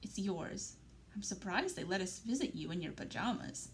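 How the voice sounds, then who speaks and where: A woman reading aloud and voicing a worn, tender mother, speaking softly and gently with a pleading tone. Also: medium pitch, expressive, normal speed, a little hiss or hum, natural voice. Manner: gentle, pleading, soft-spoken. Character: worn, tender working-class mother of a grown daughter. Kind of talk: read-aloud storybook dialogue.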